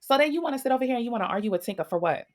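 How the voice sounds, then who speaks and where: A woman's voice: on the high side, racing. A woman hosting a casual reality-show gossip recap, blunt and profane. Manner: blunt, profane, animated storytelling. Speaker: recap host.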